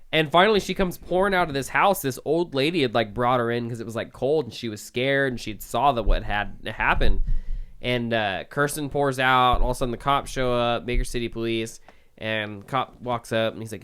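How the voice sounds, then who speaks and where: Young guy rambling thru a story, swears a lot, says like every other word, smooth clear voice. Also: medium pitch, normal speed, a bit bright. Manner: profane, rambling with many "like" fillers. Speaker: podcast co-host. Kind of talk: casual storytelling chat.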